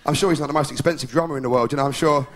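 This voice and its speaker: A man's voice: a little high, racing. A man performing a live stand-up comedy routine, rambling and chatty, often laughing at his own jokes. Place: live comedy venue with audience. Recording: 1990s VHS live recording with hiss.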